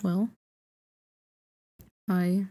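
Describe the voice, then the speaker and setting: A woman streamer reading a story game aloud in slow, soft narration. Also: lowish voice, little pitch movement, husky.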